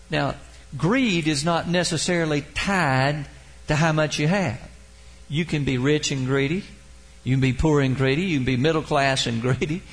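Earnest male preacher, slightly high voice. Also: rough recording. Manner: earnest preaching, slows down to stress key words. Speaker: pastor. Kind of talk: sermon.

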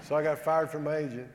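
A man telling a humorous, self-deprecating story to a live audience, animated and acting out the dialogue. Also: on the high side, a little hiss or hum. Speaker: former football player giving a talk. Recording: echoey hall with long reverb.

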